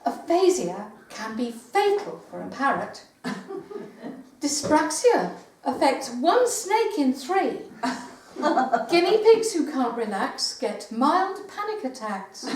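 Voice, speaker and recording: An older woman poet giving a live poetry reading in a meeting house, with measured recitation and hesitant spoken asides. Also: sits high, big pitch swings, a little hiss or hum. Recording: roomy live recording from far off.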